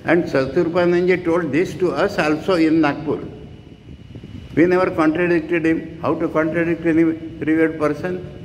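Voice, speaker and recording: A man's voice: a little high, fairly even intonation, normal speed. A man in his eighties with an Indian accent giving a devotional lecture, earnest and digressive, with frequent asides. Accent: Indian English. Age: 80s. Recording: reverberant room with faint noise.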